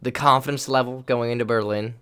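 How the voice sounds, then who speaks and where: A man hosting a casual podcast with a playful edge. He jumps in often with questions for his guests and the listeners. His voice sits at a middle pitch. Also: steady tone, fairly quick, a bit bright, clear, resonant tone. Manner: playful, interrupting. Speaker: podcast host, college volleyball player. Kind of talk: casual chat.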